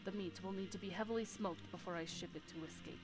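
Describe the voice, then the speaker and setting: A video game hunter with a heavy put-on Russian accent, read aloud by a woman streamer. He speaks in stiff, old-fashioned phrases, in a lowish voice, with game music playing faintly underneath. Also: normal speed, natural voice. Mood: grave, grateful. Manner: formal, archaic phrasing. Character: gruff male hunter in a fake Russian accent.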